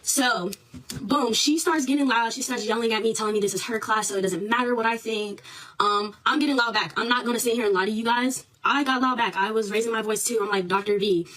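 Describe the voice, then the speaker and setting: A woman's voice: a little high, a little fast, fairly bright tone, low-quality recording. A woman in her twenties, a student, candidly telling her side of a story in a casual vlog recorded on her phone. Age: 20s. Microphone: phone camera.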